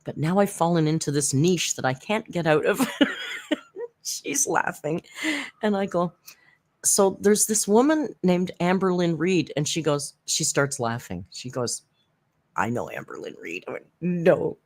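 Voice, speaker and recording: A woman from Canada hosting a casual live stream from home, chatty and laughing often as she tells stories with dark humor. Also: lowish voice, expressive, measured pace. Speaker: YouTube commentary host. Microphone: headphones with desk mic.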